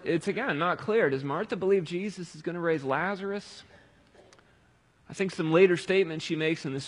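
A man preaching a sermon, swinging between loud pleading cries and quiet, reflective reading. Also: medium pitch, long reverb tail. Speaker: pastor.

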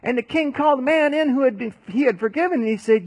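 A man preaching a conversational sermon, telling a Bible story in a casual, animated way. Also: very high-pitched, fast, hardly any pauses, dry recording.

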